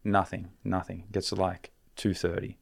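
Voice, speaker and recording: Level in tone and moderate in pace, a young man's gravelly low voice carries a long, meandering story on a podcast. He stays relaxed, filling gaps with fillers and now and then swearing.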